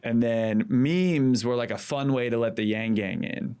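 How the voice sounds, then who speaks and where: A man in his thirties, a former campaign manager, telling animated stories in casual podcast chat, acting out quotes and swearing freely. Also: mid-range voice, measured pace, clear, resonant tone.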